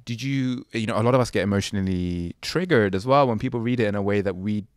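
A man hosting an interview, asking long, earnest, rambling questions and filling the gaps with soft "mm" and "yeah". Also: fairly low pitch, fast, smooth, dry recording, clean studio sound. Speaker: host, interviewer. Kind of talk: casual conversational interview.

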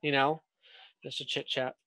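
A man's voice: mid-range voice, little pitch movement, moderate pace, bright, forceful tone, no echo. A young man, a filmmaker guest on a podcast, chatting casually, rambling and swearing freely. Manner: rambling, swears freely, many "you know"s. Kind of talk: casual chat.

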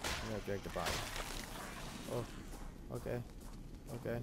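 A man's voice: medium pitch, animated, moderate pace, pauses often, very noisy. A man giving casual gameplay commentary, chatting goofily to the creatures he tames. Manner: goofy, talks to the creature, silly sing-song bits. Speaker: gameplay host.

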